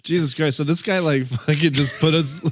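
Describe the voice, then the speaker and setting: A man's voice: fairly high pitch, moderate pace, no echo. A man co-hosting a podcast, chiming in with crude joking quips. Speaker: podcast co-host. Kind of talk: casual comedic banter.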